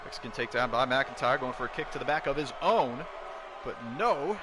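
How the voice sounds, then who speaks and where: Brief: male play-by-play caller for a wrestling video game, mid pitch, gets loud and excited, clear background noise. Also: fairly quick. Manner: excitable, bursts into shouts at big moves.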